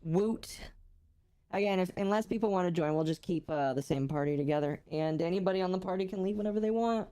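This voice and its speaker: A woman's voice: fairly low pitch, quick pace, mellow, smooth. A woman streaming a game and chatting casually, reading and answering chat with playful puns.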